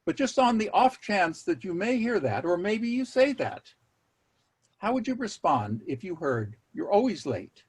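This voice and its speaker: Husky-voiced man leading a workshop. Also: sits high, big pitch swings. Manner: measured, wry asides, repeats key words for emphasis. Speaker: workshop presenter. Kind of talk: online workshop talk. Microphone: video call.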